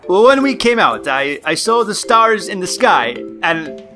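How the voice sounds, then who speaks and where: A man on a podcast voicing a shaken male shipwreck survivor, with an overdone put-on Nigerian accent pitched above his usual voice. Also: sing-song, a little slow, bright, forceful tone, faint music behind, exaggerated voice. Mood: recounting. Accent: attempted Nigerian. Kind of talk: podcast reenactment.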